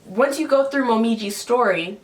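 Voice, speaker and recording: A woman's voice: a little high, normal speed. A woman hosting a casual review chat, giving her opinions in a loose, conversational way. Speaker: host.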